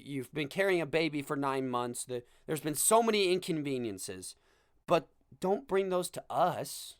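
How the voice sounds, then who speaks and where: A man's voice: fairly high pitch, no room sound, clean studio sound. A young man hosting a podcast, delivering a sarcastic comedic rant with self-deprecating asides. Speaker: podcast host. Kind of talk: comedic monologue.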